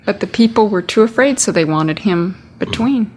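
A woman in a Bible study group answers the teacher. She reads a verse and works through her ideas in searching, halting phrases. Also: medium pitch, expressive, darkish tone, slightly rough. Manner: thinks aloud in hesitant, searching phrases. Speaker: Bible class participant.

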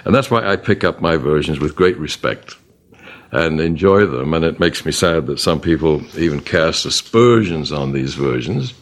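A man's voice: very deep voice, normal speed. A man giving a Bible study lecture, reading verses aloud and naming their punctuation. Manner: reads verses aloud with punctuation, animated emphasis. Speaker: Bible teacher.

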